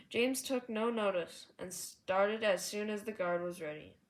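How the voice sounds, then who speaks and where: A woman narrating a children's railway story aloud. She reads slowly and gently with a mid-range pitch, taking her time over each line. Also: roomy sound, low-quality recording.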